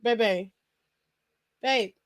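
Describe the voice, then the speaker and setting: A young woman hosting a casual live stream from home, chatting with her viewers and laughing often. Her voice sits fairly high. The sound is close and dry, with no room around it. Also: extremely slow, no echo. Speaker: wrestling aftershow streamer.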